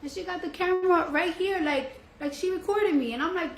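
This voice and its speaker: Brief: woman witness on the stand, blunt and slangy, fairly high voice, roomy courtroom audio with light noise. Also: fast talker, hardly any pauses. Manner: blunt, colloquial, retells events with quoted dialogue. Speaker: trial witness. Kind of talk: courtroom testimony.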